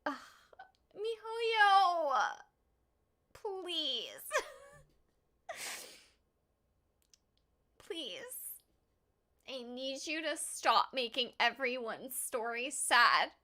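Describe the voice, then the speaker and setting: Bright, high-voiced tearful young woman streamer. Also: expressive, takes it slowly. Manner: emotional, tearful, laughing between sentences. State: teary, near crying. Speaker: streamer playing a game. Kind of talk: casual live-stream chat.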